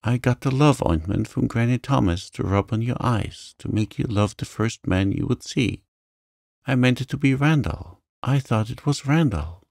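A man's voice: medium pitch, normal speed, vocal fry, a little mellow, no echo, studio quality, voice pushed up. Man voicing a distraught, remorseful young woman. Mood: anguished.

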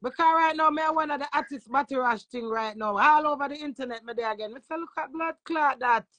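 Talking fairly quickly in a high, fairly bright voice, this Jamaican social media personality goes on a crude, brash Instagram live rant from her phone. She stays defiant toward the people criticizing her.

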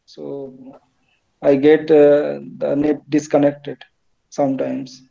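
A man lectures over a video call, pausing on fillers and breaking off his words. His voice sits high and mellow. The call audio is dull and lo-fi. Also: completely flat delivery, vocal fry. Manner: halting, many fillers and restarts. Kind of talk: online class lecture.

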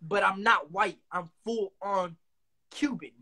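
A man's voice: high-pitched, slow, bright, forceful tone. Young man, brash, trash-talking, livestream host, phone mic. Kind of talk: casual livestream banter.

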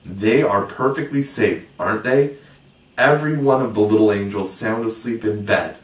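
A man's voice: fairly low pitch, moderate pace, close to an everyday voice. A man doing a stern, scolding maidservant. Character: stern, dense young maidservant. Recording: roomy, distant mic.

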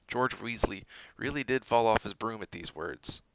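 Gravelly, bright-toned male storybook reader. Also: lowish voice, fairly even intonation, moderate pace, hardly any pauses, dry recording, muffled recording. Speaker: audiobook reader. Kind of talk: storybook narration.

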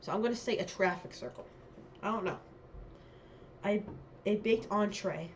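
A woman's voice: mid-range voice, normal speed, dull audio, a little hiss or hum. A woman vlogger giving casual commentary on a dialect quiz, chatty and hesitant, with many ums and self-corrections.

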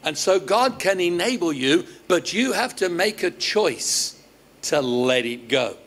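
An Australian man preaching at a church service, his voice sitting notably high. He speaks slowly, in unhurried phrases. He trips over restarts, slips in jokes and tosses questions to the congregation. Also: lively intonation, a bit bright. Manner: restarts words, jokes, quizzes the audience. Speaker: pastor. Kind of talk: lively sermon to a congregation.

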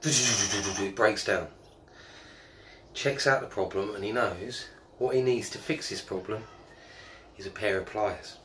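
A man's voice: on the low side, slow, pauses often, a bit bright, a little hiss or hum. A man telling a joke casually, swearing freely along the way. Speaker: joke teller. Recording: echoey, from far off.

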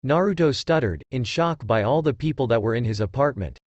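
A man reads a fan story aloud in a casual, animated way, his pitch moving a lot around a mid-range voice. The recording is dry and close with no room sound. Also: brisk, dry recording, highs cut off. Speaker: narrator.

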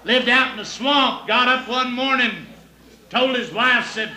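A man's voice: very high voice, steady tone, a little slow, pushed and bright. A man doing a crude stand-up routine, laughing at his own jokes before a live audience. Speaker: stand-up comedian.

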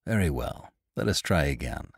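Man playing a stern detective, low and quiet, tense, clipped, slow, dry sound. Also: no room sound. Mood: cool. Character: stern male scientific detective, cool and relentless.

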